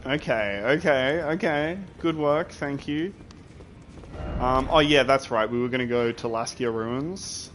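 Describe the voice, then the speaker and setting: Young guy streaming a game, chatty and rambly, mid-pitched, bit of faint noise behind. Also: a little slow, a bit bright. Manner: rambling and chatty, reacting to chat with laughs and swearing. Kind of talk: casual gaming stream chat.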